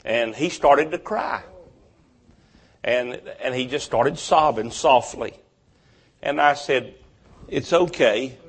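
A middle-aged male preacher telling a story in a sermon, in a hushed, measured way. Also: medium pitch, breathy edge.

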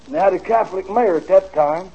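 A man preaching, telling a story in a folksy, animated way on a dull, old recording with faint hiss. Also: sits high, quick pace, creaky. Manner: folksy, animated storytelling with laughter and drawled asides. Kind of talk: storytelling sermon.

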